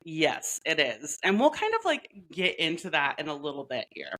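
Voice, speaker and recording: A woman with a low voice co-hosts a podcast and talks in a loose, playful way. She laughs often and fills her sentences with "like". It sounds like relaxed chat between friends. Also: normal speed, low-quality recording. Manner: chatty, playful, laughs often, many "like" fillers. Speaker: podcast co-host. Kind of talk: casual chat.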